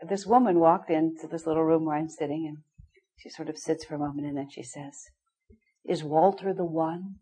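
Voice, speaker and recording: In this poorly recorded clip, a middle-aged woman speaks in a low, darkish voice while leading a casual spiritual class. Her talk is candid and full of stories, punctuated by frequent laughter.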